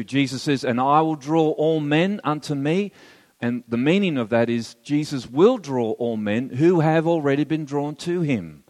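A man's voice: medium pitch, a little mellow, in a large hall. A man teaching theology as a sermon, earnest and emphatic, with wry asides to his listeners. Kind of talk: sermon lecture.

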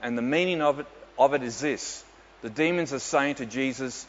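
A man's voice: mid-range voice, moderate pace. Aussie guy preaching, funny stories, mid voice, dull echoey church recording w faint hum. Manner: storytelling with dry humour. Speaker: pastor. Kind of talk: sermon.

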